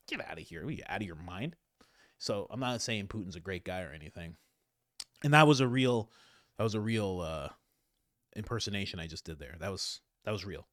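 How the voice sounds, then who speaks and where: A man hosting a casual political commentary, rambling and animated, with frequent fillers. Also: lowish voice, fairly quick, no echo, studio quality.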